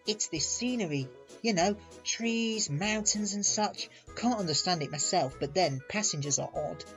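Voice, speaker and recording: A man's voice: sits high, measured pace, a bit bright, soft background music, voice pushed up. A man voicing an easygoing, folksy small male narrow-gauge engine in a storybook reading. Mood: chatty.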